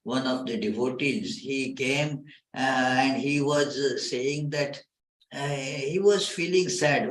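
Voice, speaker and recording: Slow, halting male swami in an echoey hall. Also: mid-range voice, a bit bright. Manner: slow and halting, many filler sounds. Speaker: swami giving a talk. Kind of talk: spiritual lecture. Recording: roomy hall echo.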